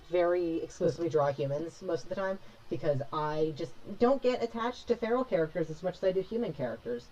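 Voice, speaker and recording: A woman's voice: fairly low pitch, darkish tone, lo-fi sound. A young woman chatting casually with her viewers while she draws live, rambling and reacting to the chat. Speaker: streamer drawing live.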